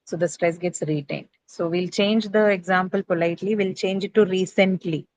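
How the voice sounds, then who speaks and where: A woman's voice: lowish voice, steady tone, moderate pace, a little mellow, low-quality recording. A woman teaching an English class on word stress in a classroom, checking in with students and often adding "right?" and "uh".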